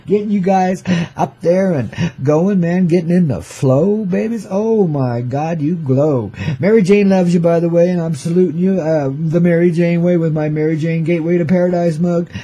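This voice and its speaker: A man's voice: fairly high pitch, dark tone, breathy edge. An older man hosting his own show, drifting through a laid-back rhyming monologue full of hip slang, calling his listeners "babies" and "man" and chuckling between lines. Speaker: show host.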